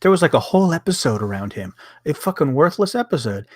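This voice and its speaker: A man's voice: fairly high pitch, sing-song, fast, no echo, studio quality. A young man co-hosting a casual review chat, ranting and swearing as he acts out quotes from the show. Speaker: podcast co-host.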